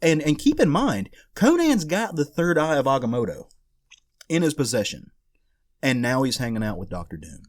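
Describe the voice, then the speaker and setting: A man's voice: mid-range voice, normal speed, dry recording, clean studio sound. A man co-hosting a casual podcast, retelling a comic story with acted-out lines and swearing. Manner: animated storyteller, swears, acts out characters. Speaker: podcast co-host. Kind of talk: casual comic book chat.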